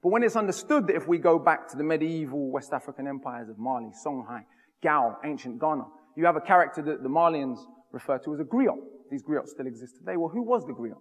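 A man's voice: fairly high pitch, animated, fast. Man giving an emphatic talk in a hall. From United Kingdom. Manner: rhythmic, emphatic delivery. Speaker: speaker. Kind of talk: public talk. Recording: long hall reverb.

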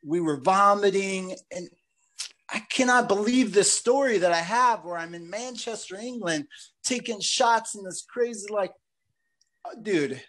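A man's voice: high voice, animated, measured pace, fairly bright tone. A man hosting a casual chat, telling long rambling stories and saying "dude" and "like" often. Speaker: podcast host.

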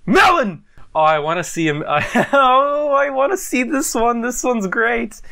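A young man commentating on a video game he is playing, excitable and foul-mouthed, with loud outbursts and frequent laughs. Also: very high-pitched, unhurried, gravelly. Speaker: gameplay commentator. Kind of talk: let's play commentary.

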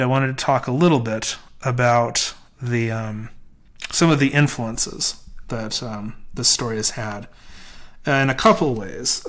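A man giving a live reading of a classic horror story, measured and slow at tense moments. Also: mid-range voice, a bit bright. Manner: hesitant, many fillers in his commentary. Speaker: reader.

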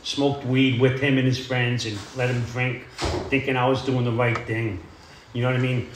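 A man's voice: mid-range voice, little pitch movement, normal speed, background noise. A middle-aged man telling his recovery story in a plain, rambling way, full of "you know" and "uh". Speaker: AA speaker sharing his story. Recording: echoey room.

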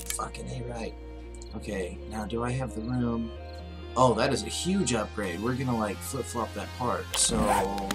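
A man casually commentating on a survival game as he plays, excitable and talking back to the enemies on screen. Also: on the low side. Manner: excitable, talks to the game's enemies. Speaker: gameplay commentator. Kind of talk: casual let's-play commentary. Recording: loud game music under the voice.

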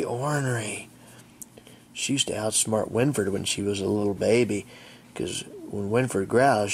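Playing fetch outdoors, this channel host offers casual vlog commentary and fondly urges his dog on. His voice is on the low side, gravelly and darkish, with a breathy edge.

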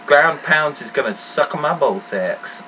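A young man hosting casual let's-play commentary, joking and swearing in loud outbursts while he games. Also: fairly high pitch, lively intonation, unhurried. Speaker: gaming channel host. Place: room at home, recording while gaming. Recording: distant mic with faint noise.

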